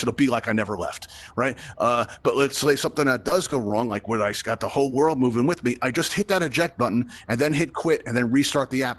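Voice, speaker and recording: Fast-talking upbeat man with a Brooklyn accent. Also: mid-range voice, fairly bright tone. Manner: upbeat, chatty, many "right?" asides. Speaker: VR event host and instructor. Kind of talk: live tutorial to an audience. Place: virtual reality event space.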